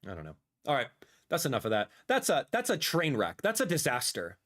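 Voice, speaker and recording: A man in his thirties reacting live on a stream, excitable and animated, repeating himself as he talks, sometimes dropping to a soft murmur. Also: mid-range voice, fairly quick. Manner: drops to a soft murmur when talking to his cat. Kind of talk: livestream reaction commentary.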